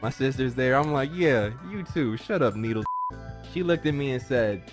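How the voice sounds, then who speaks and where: Over music, a young man with a mid-range voice talks at a moderate pace, reacting to cartoon clips. His commentary is loose, slangy, and comedic, full of stories and sudden shouted cheers.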